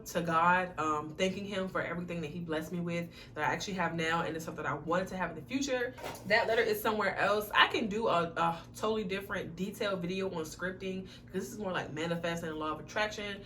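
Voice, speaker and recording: Young woman vlogger, a bright and lively talker who curses casually, recorded a little off-mic with faint noise. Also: fairly low pitch, distant mic. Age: young adult. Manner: chatty, swears freely, excitable. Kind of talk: casual talk to camera.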